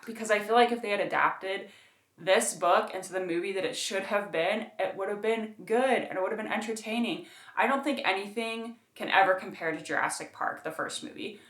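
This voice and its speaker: A woman's voice: medium pitch, fairly bright tone. A woman reviewing a book in her own room, chatting casually and emphatically with lots of fillers. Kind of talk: casual chat. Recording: roomy echo.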